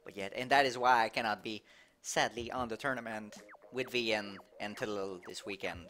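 A young man from Quebec with a Québécois French accent, streaming a game live, reacting excitably and reading chat aloud with frequent laughs. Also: lowish voice, normal speed, faint music behind. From Quebec, Canada.

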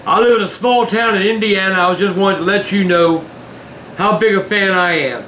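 An older man hosting a show, reading fan mail aloud in casual chat, gruff and given to shouting and cursing. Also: high-pitched, brisk. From Southern US. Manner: gruff, shouts and curses in bursts. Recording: echoey room with faint noise.

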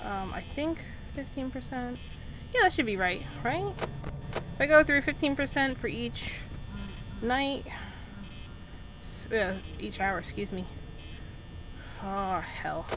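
A woman's voice: fairly high pitch, lively intonation, slow pace, long pauses, noisy background. A young adult woman commentating a horror game, jumpy and nervous, babbling and swearing constantly. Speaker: gaming channel host.

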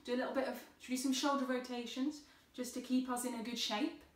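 A woman teaches beginners cello in an online tutorial, giving patient, encouraging step-by-step instructions. Her voice is high-pitched and flat, and she talks at a quick pace, picked up by a distant mic in a roomy space with cello sounds.

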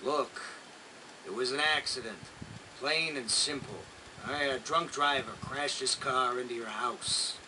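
A gruff, dismissive police officer, played by a man in a game cutscene, mid-pitched and offhand. He talks in a rough, casual way, brushing things off, over noisy game audio. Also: a little slow, close to an everyday voice. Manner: casual, dismissive, rough working-class speech. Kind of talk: dubbed video game cutscene.

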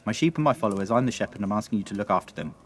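A man acting as a gentle, patient Jesus who teases a disciple in a comic church skit. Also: fairly low pitch, lively intonation, very fast, big-room sound, recorded from a distance, slight background noise, natural voice. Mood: calm. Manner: patient, dryly teasing. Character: calm gentle Jesus, teasing shepherd.

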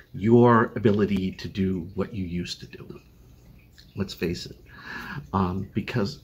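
With a fairly low pitch and a breathy edge, an older man with a Boston accent rambles tiredly in a casual personal update recorded at home. He vlogs about living with chronic illness, uses a phone as his webcam, and his speech is riddled with fillers and restarts.

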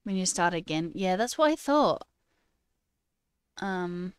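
A woman's voice: on the low side, expressive, a little slow, clear, resonant tone, no echo, clean studio sound. A woman chatting casually on a live stream, playfully putting on a mock British accent and laughing often as she reads chat aloud. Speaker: livestreamer and new software engineer.

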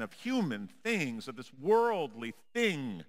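A male pastor preaching a sermon in a church, with a measured, dramatic delivery that drops low and quiet on the repeated refrains. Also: sing-song. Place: church sanctuary.

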